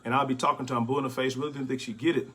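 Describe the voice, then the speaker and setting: A middle-aged man, a bishop, giving plainspoken, relaxed marriage advice in casual conversation. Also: medium pitch, very fast, husky. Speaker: bishop, co-host.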